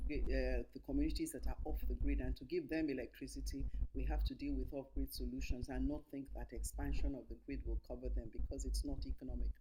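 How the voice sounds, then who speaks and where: A woman's voice: very deep voice, warm tone, poor audio. A middle-aged woman from Nigeria gives an emphatic conference talk over slides, repeating her key points. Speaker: conference speaker.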